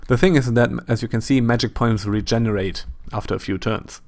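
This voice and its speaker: A man with a German accent talks through a retro role-playing game, chatty and thinking out loud with self-deprecating remarks. His voice has a gravelly, creaky edge that sinks into vocal fry. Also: mid-range voice, brisk. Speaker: let's play host. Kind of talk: casual gameplay commentary.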